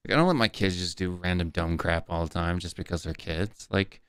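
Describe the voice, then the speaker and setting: A man's voice: low-pitched, brisk, fairly bright tone, clean tone, no echo. A middle-aged man hosting a live fan stream, talking bluntly and ranting, with lots of filler words. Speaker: host. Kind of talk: live post-match fan stream chat.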